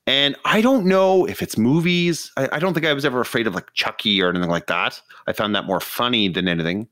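A man co-hosting a podcast, chatting casually with expressive, squeamish reactions. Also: medium pitch, dry recording. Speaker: podcast co-host. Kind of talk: casual chat.

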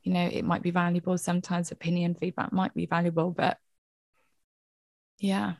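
A woman's voice: fairly low pitch, little pitch movement, normal speed, creaky, a little mellow, no room sound, studio quality. A woman, a therapist and mother, talking candidly and earnestly in a reflective podcast conversation, often saying "you know".

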